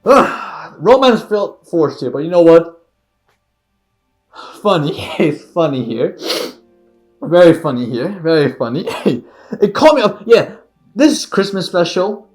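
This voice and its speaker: A man giving a casual reaction commentary on a film, laughing often and repeating his exclamations. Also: high-pitched. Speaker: reaction video creator.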